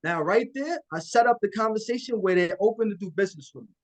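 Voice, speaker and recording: A man's voice: high voice, lively intonation, fast, low-quality recording. A man coaching listeners on a live call in a casual, confident way, acting out phone calls. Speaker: guest land investor.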